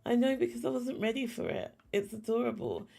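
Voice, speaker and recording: A game streamer chats casually as she plays, talking to herself and to the animals in the game. Her voice is a little high, with a dark tone and vocal fry, steady and fairly quick.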